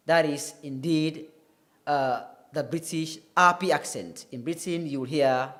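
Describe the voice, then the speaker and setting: A fairly high-pitched, slightly bright male voice with fairly even intonation and normal speed belongs to an English tutor. On a televised lesson, he explains carefully and spells words out letter by letter.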